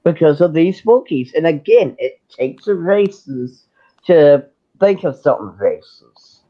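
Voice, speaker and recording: A man hosting a casual livestream, ranting with heat and sarcasm and stumbling over restarts as he pushes his point. His voice sits a little higher than most men's. The stream audio is dull and muffled. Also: very animated, a little slow. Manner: heated, sarcastic, with many restarts. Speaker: livestream host.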